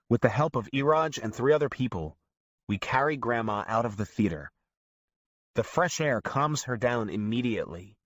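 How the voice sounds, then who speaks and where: A man narrating an audiobook in a lively storytelling manner. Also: fairly low pitch, no room sound, clean studio sound. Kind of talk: scripted narration.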